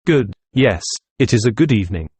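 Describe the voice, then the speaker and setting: A man voices a brutish young student who talks in blunt, scornful jabs in this audiobook. At times his voice jumps up sharply. The low, husky delivery is recorded close and dry. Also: animated, fairly quick, a little mellow, dry recording. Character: rude, brutal young male student.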